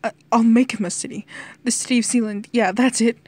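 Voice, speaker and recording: A woman's voice: mid-range voice, fairly even intonation, unhurried, dark tone, natural voice. A woman voicing a distraught young man, a personified nation, who stutters and pleads tearfully. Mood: frantic pleading.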